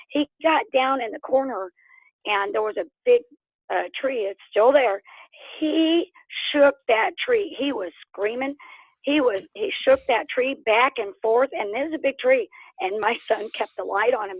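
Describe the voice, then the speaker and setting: A woman from Oklahoma telling her story as an interview guest in casual storytelling, animated and laughing, acting out what others said. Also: a little high, no echo. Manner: animated, laughs often, acts out quotes. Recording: tinny phone line.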